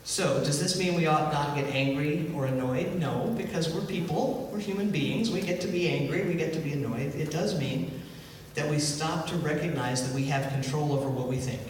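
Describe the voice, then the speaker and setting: A man's voice: on the high side, moderate pace, hardly any pauses, a little hiss or hum. Man, minister, sermon in a big echoey hall, heard from a distance, talks to the congregation with questions. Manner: conversational, asks the congregation questions. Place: church hall.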